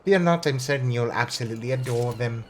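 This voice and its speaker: A man's voice: mid-range voice, fast talker, noisy background, close to an everyday voice. A man voicing a pompous, refined male clothier who speaks in a prissy, overly polite way. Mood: prim.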